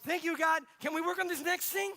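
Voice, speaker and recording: A man voicing a brash, incredulous male spirit who talks like a gangster and scolds loudly. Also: very high-pitched, steady tone, fairly quick, pitched above the performer's own voice, heavily acted. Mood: incredulous scolding. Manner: loud, scolding, disbelieving.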